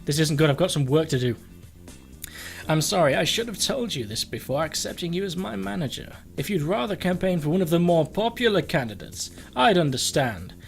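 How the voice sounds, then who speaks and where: Posh old butler-cat, a man doing the voice, polite, fussy, raised pitch. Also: very animated, brisk, vocal fry, faint music behind. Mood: gloomy. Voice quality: posh, plummy. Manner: fretful and polite.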